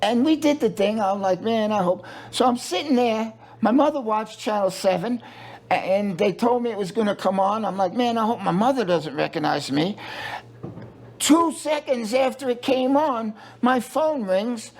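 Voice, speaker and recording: A man's voice: high voice, normal speed. A middle-aged man, a guest telling stories in a profane, joking way and acting out the people he quotes. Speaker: interview guest. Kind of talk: casual storytelling.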